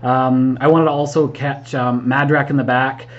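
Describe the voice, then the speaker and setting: A man talks through his tabletop wargame match in a casual voice-over recap, chatty and quick to admit his own mistakes. His voice sits at a middling pitch. The audio is a bit dull and lo-fi. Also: little pitch movement. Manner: chatty, self-critical, frequent ums and mm-hmms. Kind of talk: voice-over game recap commentary.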